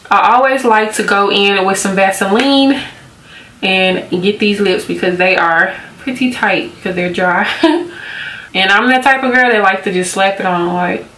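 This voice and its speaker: A woman's voice: medium pitch, bright, forceful tone, echoey room, a little hiss or hum. A young woman chatting casually as a beauty vlogger, giggling often and using lots of fillers. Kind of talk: casual storytelling and skincare chat.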